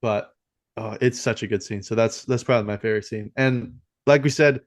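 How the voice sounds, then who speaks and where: A man's voice: lowish voice, fairly even intonation, a little fast. A man co-hosting a film podcast, talking casually and rambling with many fillers and restarts. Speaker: podcast co-host.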